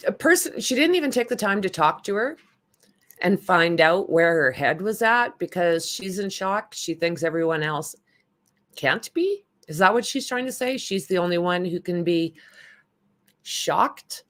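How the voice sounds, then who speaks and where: Slow-talking blunt woman streamer. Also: lowish voice, animated, fairly bright tone. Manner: blunt, indignant, talks back to chat. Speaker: livestream host. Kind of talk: casual livestream commentary.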